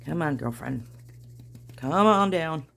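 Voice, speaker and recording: A woman's voice: deep voice, lively intonation, takes it slowly, creaky, fairly bright tone. A woman, chatting to herself and viewers while she makes a craft at home, in a chatty, self-deprecating way. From New Jersey. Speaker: craft vlogger. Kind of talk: casual craft-along chat.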